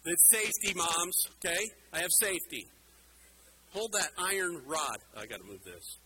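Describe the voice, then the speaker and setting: Using a hands-on demonstration, a male pastor delivers a children's sermon in church, addressing the kids directly and playfully teasing a young helper. His voice sits on the high side at a moderate pace, and the low-quality recording carries a slight hiss or hum.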